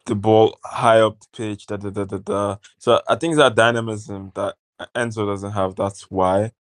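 A man hosting a casual football chat, talking in a measured, hedging way. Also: lowish voice, fairly even intonation, dry recording, studio quality.

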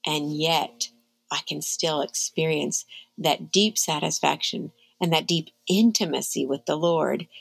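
A woman's voice: low-pitched, unhurried, gravelly, husky, dry recording, rough recording. A middle-aged woman, an author, answering an interview question candidly, earnest and reflective and moved to emotion. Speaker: author and guest.

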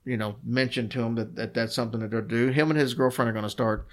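A man's voice: medium pitch, fairly even intonation, quick pace. Easygoing male podcast co-host. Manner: easygoing, rambling with fillers. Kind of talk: casual podcast chat.

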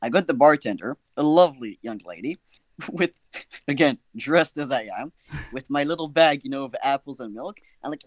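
A young man telling a funny personal story in a casual, animated, self-mocking way, often checking in with his listener. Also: mid-range voice, moderate pace, no echo. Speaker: guest storyteller.

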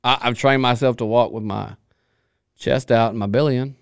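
A man co-hosting a casual podcast chat, joking and self-deprecating with quick asides. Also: mid-range voice, steady tone, creaky, clear, resonant tone, no echo, clean studio sound. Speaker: podcast co-host.

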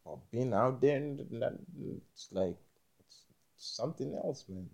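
A young man talking in a rambling monologue, halting and repeating himself, with frequent swearing. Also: medium pitch, expressive, gravelly, darkish tone.

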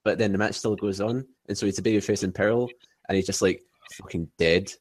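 A man co-hosting a casual wrestling podcast, talking haltingly with constant fillers. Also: fairly low pitch, no echo. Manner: halting, heavy use of "like". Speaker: podcast co-host.

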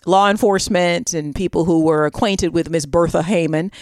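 A woman co-hosting a podcast, telling a history story in a playful, animated way with laughs. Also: lowish voice, moderate pace, no echo, studio quality. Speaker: podcast co-host. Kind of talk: casual storytelling chat.

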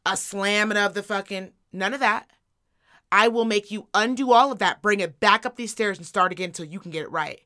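A woman's voice: mid-range voice, fairly quick, sharp tone. A woman co-hosting a podcast in casual chat, blunt, emphatic and full of profanity. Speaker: podcast co-host.

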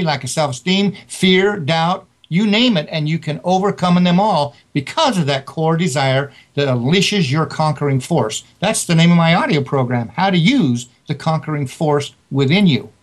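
A man who is an author and guest, telling motivational stories in an interview with emphatic delivery. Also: fairly high pitch. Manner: emphatic, tells anecdotes with quoted dialogue.

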